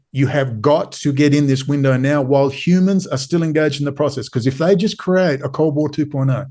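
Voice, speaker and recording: A man's voice: medium pitch, a little mellow. A man with an Australian accent, a podcast guest, talking in an urgent, pleading way and hammering points home through repetition. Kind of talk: impassioned interview talk.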